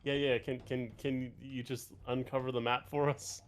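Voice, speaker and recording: A man's voice: medium pitch, flat delivery, moderate pace. A man playing a tabletop game, eagerly firing off questions. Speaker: player.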